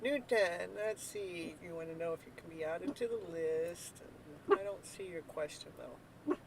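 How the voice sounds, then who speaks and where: A woman hosting a live tarot reading stream, chatting casually, joking and breaking into whooping cheers, then dropping to soft murmurs. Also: on the low side, sing-song, unhurried, creaky, poor audio. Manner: talks softly while eating, then bursts out loud. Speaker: live tarot reader and show host.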